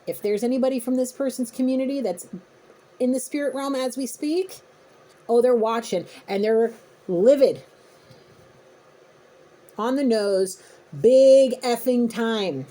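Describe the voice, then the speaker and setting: A woman's voice: on the high side, dark tone, slight background noise. A woman giving a spiritual reading to her viewers, blunt, emphatic and casually profane. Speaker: intuitive reader.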